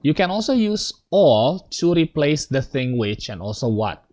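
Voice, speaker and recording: A man's voice: a little high, very animated, measured pace, a little mellow, poor audio. A man teaching an English grammar lesson, explaining step by step and checking in with his students.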